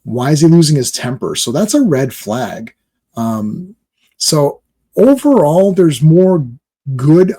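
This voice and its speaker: A man's voice: mid-range voice, mellow. A man giving casual reaction commentary on a movie trailer, rambling and exasperated with lots of fillers.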